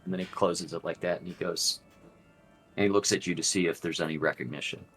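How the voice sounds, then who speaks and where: A man's voice: low-pitched, fairly quick, fairly bright tone, faint music behind. A man narrating as game master of a tabletop game, hesitant and full of fillers.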